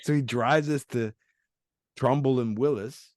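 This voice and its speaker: A man's voice: medium pitch, a little slow, no echo, studio quality. A man, a podcast host, telling a road-trip story in casual chat, swearing freely and acting out the people he met. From Canada. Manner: animated storytelling, acts out quoted people, swears a lot.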